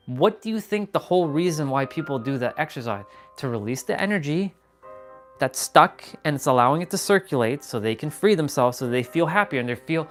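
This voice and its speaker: Animated man with a slightly high voice. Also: moderate pace, faint music behind. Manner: animated, swears casually, rambling with restarts. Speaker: fitness livestream host. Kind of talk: casual motivational livestream talk.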